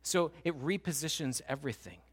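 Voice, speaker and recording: A man preaching a sermon, moving from animated, loud passages to hushed, slow and intense appeals. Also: on the high side, breathy edge. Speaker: pastor.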